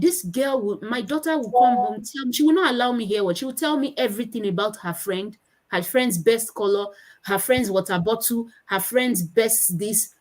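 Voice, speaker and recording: A woman in her thirties with a Nigerian accent, giving a conference talk on children's speech and acting out her children's voices in animated anecdotes. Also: fairly high pitch, rough recording.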